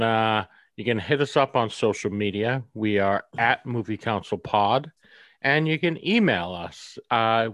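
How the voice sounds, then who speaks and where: A man's voice: fairly low pitch, a bit bright, dry recording. Dry sarcastic podcast co-host, man. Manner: dry, sarcastic, swears casually. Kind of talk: casual chat.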